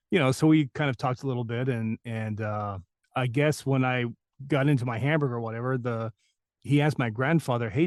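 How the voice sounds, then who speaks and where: A man's voice: medium pitch, a little mellow, no room sound, clean studio sound. A man who works as a voice actor, telling long anecdotes in an interview with many fillers and restarts. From New Mexico. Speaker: voice actor guest. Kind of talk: interview storytelling.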